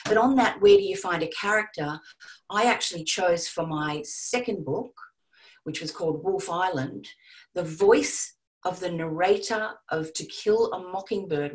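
A woman's voice: fairly low pitch, poor audio. A woman who narrates audiobooks and coaches, chatting reflectively about her craft on a panel. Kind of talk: panel discussion.

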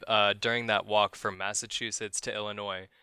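Male podcast host, true-crime storyteller; low-ish, bright, smooth voice; casual, wry and profane. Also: flat delivery, normal speed, no echo. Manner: profane, wry, laughs at grim details.

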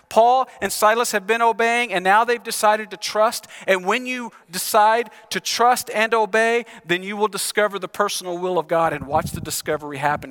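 Guy preaching a sermon, pretty high voice, lively, gets the crowd reading along. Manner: animated, leads congregation in reading aloud. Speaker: pastor.

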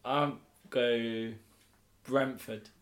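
A man's voice: mid-range voice, steady tone, drawn-out words, reverberant. A man chatting on a casual podcast, laid-back with dry remarks. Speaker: podcast co-host.

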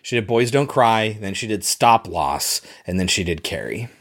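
A man's voice: on the low side, animated, normal speed, fairly bright tone. A man co-hosting a podcast, talking casually and enthusiastically about a film, swearing freely and acting out quotes. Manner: enthusiastic, profane, acts out quotes. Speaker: podcast co-host.

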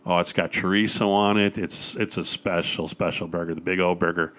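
An older man with a lowish voice, chatting easily as a guest. He tells stories with eager enthusiasm and scatters "uh" and "you know" through his sentences. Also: steady tone, brisk, fairly bright tone. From Wisconsin, USA. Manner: enthusiastic storyteller with frequent fillers. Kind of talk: casual chat.

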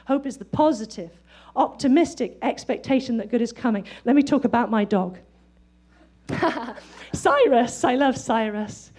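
A woman delivers a sermon in a high, lively voice. She is excitable and laughs often. She sounds middle-aged. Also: moderate pace. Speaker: preacher.

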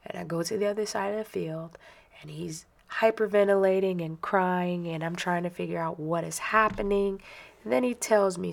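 Woman, 30s, parent, animated storyteller, low voice with some fry. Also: moderate pace. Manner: animated, chatty, self-mocking. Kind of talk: personal storytelling monologue.

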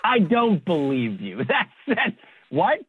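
A man's voice: high voice, wildly swooping pitch, slow pace. A man on a phone call, incredulous and exasperated at the caller. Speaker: prank call target. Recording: muffled phone line.

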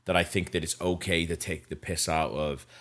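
Low-voiced podcast host, loose and rambling storyteller. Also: male voice, steady tone, normal speed, fairly bright tone. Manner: rambling, with many fillers and self-corrections. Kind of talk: casual storytelling.

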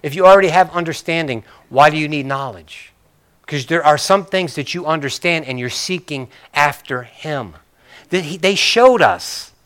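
A man's voice: fairly high pitch, moderate pace, fairly bright tone. A male pastor preaching a sermon in a conversational way, with joking, apologetic asides to his congregation.

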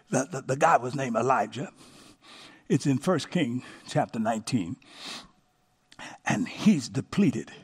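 Husky-voiced preaching man. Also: mid-range voice. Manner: call-and-response preaching, swings from hushed to shouting. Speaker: pastor. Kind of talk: sermon.

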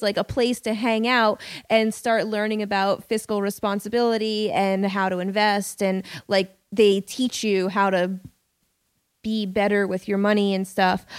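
A woman's voice: medium pitch, clear, resonant tone, no echo. A woman who is a guest comedian on a podcast, chatting in an upbeat, enthusiastic way. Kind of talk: casual chat.

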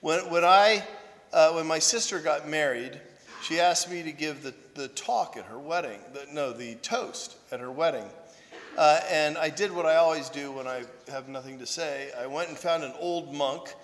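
A man's voice: fairly high pitch, normal speed, fairly bright tone, long reverb tail, a little hiss or hum. A man who is a priest and monk, telling humorous self-deprecating stories in a conversational sermon, often checking in with "right?". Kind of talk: anecdotal sermon talk.

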